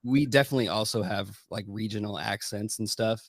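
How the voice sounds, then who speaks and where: Low-voiced American man, dry and measured. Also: no room sound. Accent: Pacific Northwest American. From USA. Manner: measured, dry, softly hesitant. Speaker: podcast guest. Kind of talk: casual chat.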